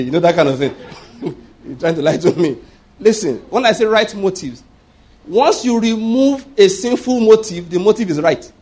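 Emphatic husky preacher man. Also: high voice, darkish tone. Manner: emphatic, repeats points and checks listeners follow. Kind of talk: sermon.

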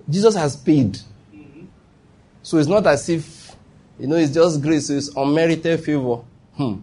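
A man with a Nigerian accent delivers a sermon in a husky voice pitched a little high. He drives points home by repeating them and asking rhetorical questions. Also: normal speed, dark tone. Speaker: pastor.

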